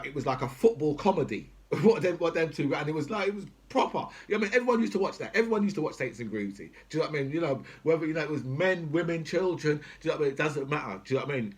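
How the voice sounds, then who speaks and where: A middle-aged man, talking off the cuff as a political commentator, swearing a lot and asking "right?" over and over. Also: on the high side. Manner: swears heavily, repeats "right?" and "do you know what I mean?", grows louder and angrier. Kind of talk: unscripted rant.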